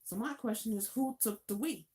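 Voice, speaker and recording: Mellow-voiced woman telling a family story. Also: a little high, normal speed. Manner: chatty anecdotal telling with laughs. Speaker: live-stream host. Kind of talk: casual storytelling.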